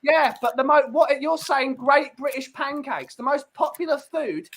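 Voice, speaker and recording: A woman's voice: high-pitched, lively intonation, a little slow. A woman on a casual chat show, making pointed asides and quizzing others. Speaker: panelist.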